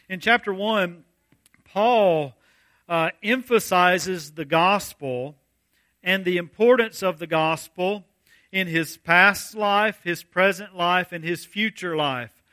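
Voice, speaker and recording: High bright-voiced male pastor preaching. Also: dry recording. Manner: measured, deliberate, slows to stress key phrases. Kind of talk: expository sermon reading scripture.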